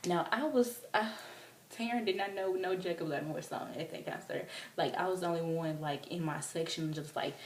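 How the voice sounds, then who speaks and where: A young woman telling a story casually as a vlogger, excitable and chatty with lots of fillers. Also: lowish voice, a little fast. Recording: roomy, distant from the mic.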